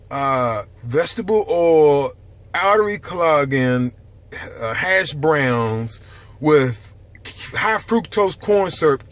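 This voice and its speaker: A man giving an impassioned, profane health monologue to camera from a dark room, swinging from loud outbursts to hushed near-whispers. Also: on the high side. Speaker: health vlogger.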